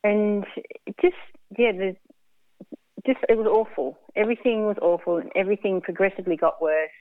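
A woman telling a hard personal story in an interview, frank and blunt, halting with fillers and restarts. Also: medium pitch, no echo. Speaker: interview guest. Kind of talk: candid emotional storytelling. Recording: phone-like dry line.

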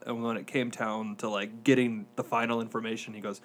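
A man's voice: medium pitch, flat delivery, brisk, few pauses, fairly bright tone. Easygoing man chatting on a podcast. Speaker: podcast co-host. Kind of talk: casual chat. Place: podcast studio.

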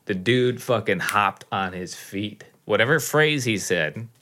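A man's voice: lowish voice, lively intonation, measured pace, pushed and bright. A man casually telling a story among friends, loose and full of swearing. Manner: loose and profane, swears often.

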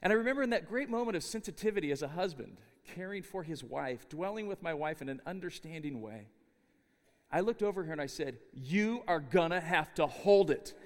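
A middle-aged man giving a chapel sermon, telling stories with an animated, humorous delivery. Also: on the high side, fast, big-room sound. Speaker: chapel speaker. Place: university chapel.

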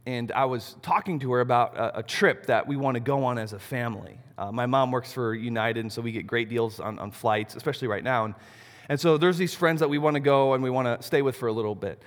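Animated male preacher in a big hall. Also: medium pitch, fairly quick. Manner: animated preaching, rhetorical questions, swings loud and soft. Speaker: pastor. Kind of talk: sermon. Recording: long reverb of a large hall.

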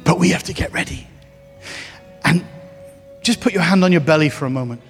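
A man's voice: on the high side, a little fast, husky. A man, a pastor preaching a sermon in a church hall with an impassioned, repetitive cadence. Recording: hall reverb with faint music.

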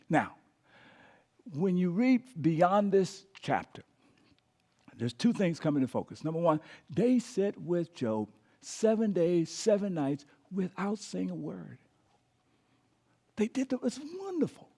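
A man's voice: high voice, very animated, a little slow, creaky, breathy edge. A man preaching a sermon as pastor, emphatic, sometimes dropping to a whisper and having the listeners repeat after him. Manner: emphatic, dropping to quiet whispers on key words.

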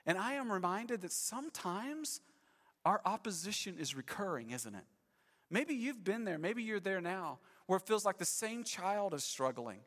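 A male pastor preaching a sermon to his church, dramatic, swinging between loud emphasis and hushed, low passages. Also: sing-song, normal speed, long reverb tail. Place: church sanctuary.

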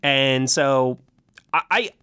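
A man hosts a relaxed film review conversation in a mid-range voice. He stumbles over his words, repeating and restarting as he thinks aloud. The sound is dry and close, with no room around it. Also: mid-range voice, clean tone, no room sound. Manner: halting, many restarts and stammered repeats. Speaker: film review podcast host. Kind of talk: casual film review chat.

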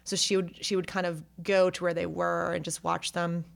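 Lively low-voiced woman telling a story. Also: normal speed, vocal fry. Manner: animated storytelling, acts out voices in quotes. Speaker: podcast co-host telling a story. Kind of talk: casual chat.

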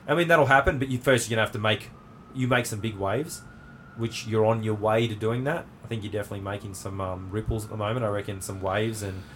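A man's voice: fairly low pitch, quick pace, fairly bright tone, a little hiss or hum. A man with an Australian accent hosting a casual interview, talking in a rambling, laid-back way with lots of fillers. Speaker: podcast host and jiu-jitsu academy owner.

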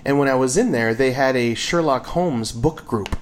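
A man co-hosting a podcast in casual chat, jokey and quick to laugh. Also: medium pitch, slight background noise. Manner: jokey, laughs often, animated. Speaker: podcast co-host. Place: home.

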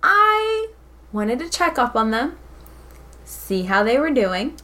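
A woman's voice: high voice, sing-song, slow, bright, forceful tone, full character voice. A woman playing a fierce, demanding adventurer woman. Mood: sardonic. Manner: demanding, confrontational. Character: fierce young woman adventurer, angry and pumped.

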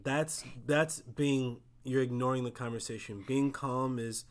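A young man co-hosting a podcast, talking loudly and passionately with lots of emphasis in a casual couple chat. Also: medium pitch, a little slow. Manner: loud and passionate, argues with emphasis. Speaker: podcast co-host.

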